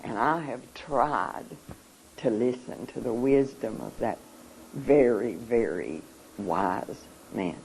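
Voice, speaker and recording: An adult giving an emotional talk at a seminar, speaking earnestly in a halting way, with many pauses and repeated words. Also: medium pitch, darkish tone, a little hiss or hum, low-quality recording.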